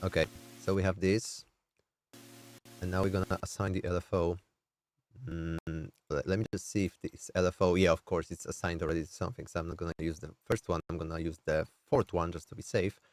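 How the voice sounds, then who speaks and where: Low nasal man explaining music software. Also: brisk. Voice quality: nasal, throat-squeezed. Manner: relaxed, thinking aloud with fillers. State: strained voice. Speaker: music producer streaming a session. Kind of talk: casual live-stream tutorial.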